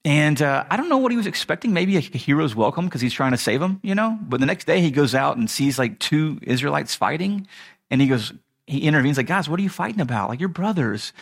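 A man's voice: on the high side, expressive, brisk, gravelly. A man giving a sermon as a pastor, retelling a story in a casual, humorous way with chuckles and restarts.

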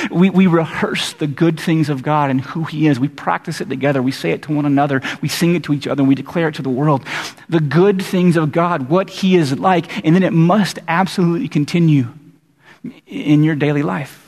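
A man preaching a sermon in a church, talking in a conversational, lively storytelling way with many fillers. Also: a little high, fairly quick. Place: church sanctuary. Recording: long reverb of a church hall.

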